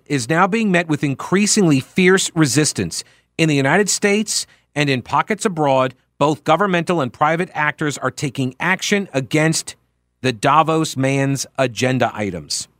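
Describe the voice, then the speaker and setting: A man's voice: on the high side, a bit bright, dry recording, studio quality. Sarcastic man hosting a political talk show. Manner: sarcastic, mocking, emphatic. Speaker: radio talk show host. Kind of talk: opinionated political talk monologue.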